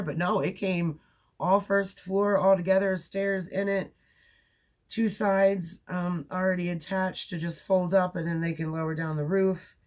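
A woman's voice: lowish voice, darkish tone. A woman in her forties talking casually to her viewers. She rambles, laughs often and fills her sentences with ums and likes. She sounds tired from being up all night. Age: 40s. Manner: rambling, chatty, laughs often, many fillers. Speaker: crochet vlogger. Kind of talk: casual chat.

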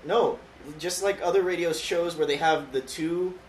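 Brief: playful male co-host, slightly high and lively, heard from a distance in an echoey room. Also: moderate pace. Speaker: podcast co-host. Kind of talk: casual chat. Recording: roomy, distant mic with faint noise.

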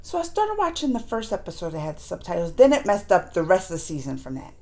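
A woman hosting a review channel, recapping episodes to viewers in a chatty, animated way and acting out characters' lines. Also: lowish voice, fast talker. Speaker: reaction and review channel host. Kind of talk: casual recap chat to viewers.

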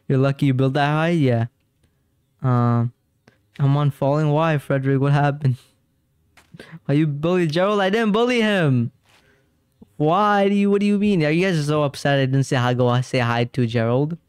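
Playing a game on stream, a young man rambles casually to his chat, jumpy and prone to repeating words when frightened. His voice is smooth and on the high side. The recording is dry and close-miked, with faint game music.

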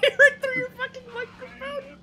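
A man's voice: extremely high pitch, level tone, moderate pace, bright, forceful tone, soft background music. A man joining a stream over a voice call, swearing casually and laughing between jokes. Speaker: stream guest. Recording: noisy voice-call mic with clicks.

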